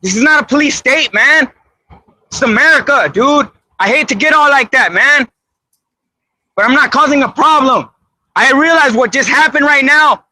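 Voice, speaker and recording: Filming a police stop on the roadside, a frightened man cries and pleads over and over that he is no threat. His voice is very high and sharp at a moderate pace, and this played video clip has poor audio with no echo.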